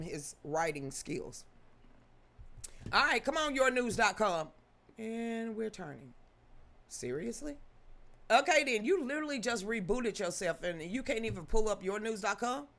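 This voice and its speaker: A woman hosts a live-stream show and talks straight to her chat in a loose, casual way. She is emphatic and chatty, greets viewers by name, and reads an article aloud. Her voice sits at an ordinary middle pitch. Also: expressive, normal speed, a bit bright.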